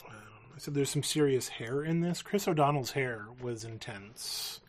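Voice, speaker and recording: Woman, low voice, casual film chat, wry asides, laughs a lot. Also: moderate pace. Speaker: podcast co-host.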